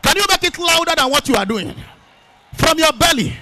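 High, gravelly preacher. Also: male voice, animated, fairly quick, a little hiss or hum. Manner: preaching in rising shouts and chanted phrases, praying in tongues. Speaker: pastor. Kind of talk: sermon. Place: church meeting at a camp.

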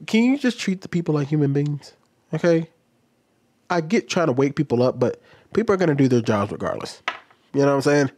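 A man's voice: fairly high pitch, lively intonation, fairly quick, a little mellow. A man who works as a teacher, giving a casual, blunt commentary and sounding fed up. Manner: blunt, exasperated, mocks others with exaggerated voices.

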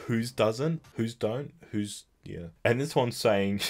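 A young man hosting comedy commentary, sarcastically reading and mocking bad memes with loud outbursts and put-on voices. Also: on the low side, slow.

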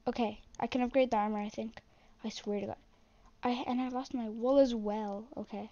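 A young woman commenting on her own gameplay in a flat, self-deprecating way, muttering to herself as she plays. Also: on the high side, moderate pace, dull audio. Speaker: gaming channel host.

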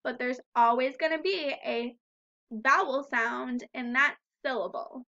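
A woman teaching a recorded phonics lesson to first graders, sounding out words and syllables slowly and deliberately. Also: high-pitched, fairly even intonation, creaky, bright, forceful tone, highs cut off.

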